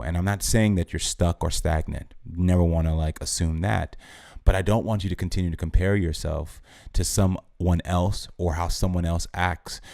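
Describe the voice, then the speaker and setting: Deep gravelly American man, calm. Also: no room sound, clean studio sound. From United States. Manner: calm, measured, sincere. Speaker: guest, TV host giving advice. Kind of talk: earnest advice in conversation.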